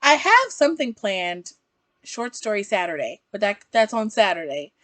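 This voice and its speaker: A woman's voice: medium pitch, very animated, normal speed, a bit bright, no echo. A young woman from the South, chatting casually and rambling as she reviews books, often laughing at herself. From American South. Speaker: book reviewer. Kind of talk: casual book-review vlog.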